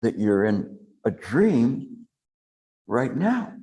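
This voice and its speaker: A male meditation teacher delivering a dharma talk with a mellow, dark voice. He speaks very slowly and with deliberate pauses, letting each phrase settle before moving on. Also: medium pitch, very animated. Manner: slow, deliberate, with long pauses.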